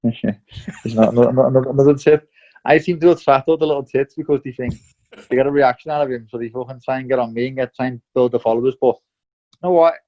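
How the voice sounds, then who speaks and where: A man's voice: medium pitch, steady tone, fast, dark tone. A young man, a professional boxer speaking candidly and bluntly in an interview, swearing freely and calling people "mate" and "lad". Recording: slightly dull lo-fi audio.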